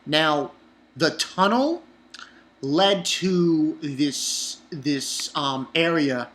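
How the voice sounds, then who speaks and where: A man reviewing a manga chapter in an excitable, profane, rambling way. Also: on the high side, drawn-out words. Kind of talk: casual online review.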